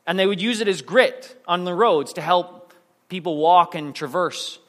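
A man's voice: sits high, moderate pace, fairly bright tone, in a large hall. A male preacher giving a sermon in a casual, rambling way, with restarts and self-deprecating jokes.

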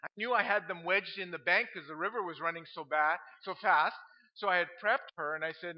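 A middle-aged man who is a pastor, telling funny stories from the pulpit in an animated way and laughing at his own tales. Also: high-pitched, brisk. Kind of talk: humorous sermon storytelling. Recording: dull lo-fi sound.

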